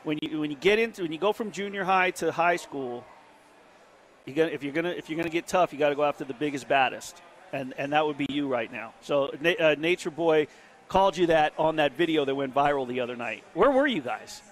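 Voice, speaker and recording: A man's voice: a little high, expressive, fairly quick. A male radio host interviewing a guest, chatty and wordy, spinning a long setup before his questions. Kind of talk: interview hosting.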